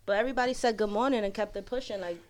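A woman from New City, telling relaxed stories in a casual podcast chat. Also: medium pitch, racing. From New York City. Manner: relaxed storytelling.

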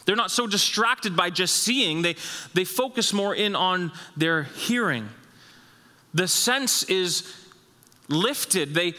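A man preaching a sermon as pastor, emphatic and repetitive, his voice rising high when he stresses a point. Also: bright, forceful tone, long reverb tail. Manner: emphatic, repeats phrases, rises in pitch when stressing a point.

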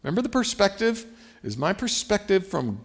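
A man's voice: high-pitched, very animated, normal speed, breathy edge. Man preaching a conversational sermon. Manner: conversational, emphatic with restarts and scripture reading. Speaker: pastor.

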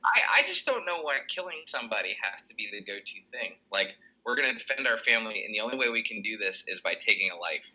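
Bright-voiced man co-hosting a podcast. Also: fairly low pitch, quick pace, hardly any pauses, muffled recording. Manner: earnest, animated, slips into impressions. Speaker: podcast co-host. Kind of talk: casual chat.

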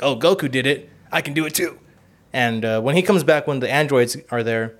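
Rambling, swearing man in casual chat. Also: medium pitch. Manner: rambling, profane, heavy use of "like" and "you know". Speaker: podcast co-host.

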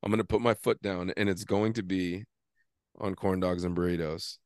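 A man with a low-pitched voice tells a rambling, animated story in casual podcast chat. He swears freely and acts out arguing with himself. The sound is dry and close. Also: moderate pace, no echo. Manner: animated storytelling, swears often, acts out his inner argument. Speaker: podcast co-host.

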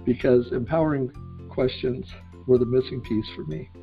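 A male host telling a homey anecdote, then putting a question to his guest in a conversational, slightly halting way. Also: medium pitch, fairly even intonation, dull audio, faint music behind. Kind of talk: interview questions with a personal anecdote.

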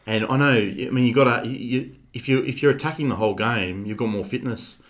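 A man, co-hosting a podcast in casual sports chat, plain-spoken and quick to disagree. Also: mid-range voice. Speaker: podcast co-host.

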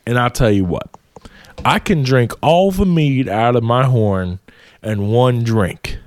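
A man's voice: mid-range voice, expressive, slow pace, no room sound. A man voicing a boastful giant king who teases his guest in a cocky, profane way.

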